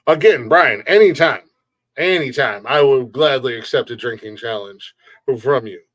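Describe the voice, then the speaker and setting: A man hosts a casual live-stream podcast and reads the chat, delivering blunt, profane, joking rants and laughing often between remarks. His mid-range voice is fairly bright with lively intonation and a moderate pace, and there's no echo.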